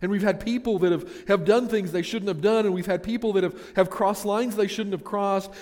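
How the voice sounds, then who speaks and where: A man's voice: high-pitched, darkish tone, big-room sound. A man preaching a sermon in a conversational way, asking his listeners rhetorical questions. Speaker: pastor.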